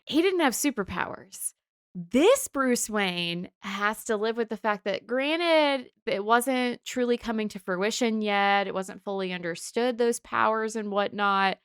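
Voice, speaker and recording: A woman talks through a comic's themes with a thoughtful, analytical manner. Her voice is smooth and clear, and it is recorded close and dry with no room sound. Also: mid-range voice, no echo. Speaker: podcast co-host. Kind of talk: casual discussion of comics and psychology.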